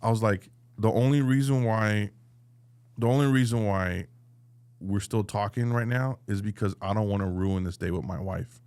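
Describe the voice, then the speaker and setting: A man's voice: lowish voice, normal speed, smooth. A man co-hosting a podcast, telling a profane comedic story and acting out every voice in it. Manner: profane, animated, acts out both sides of a story. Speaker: podcast co-host.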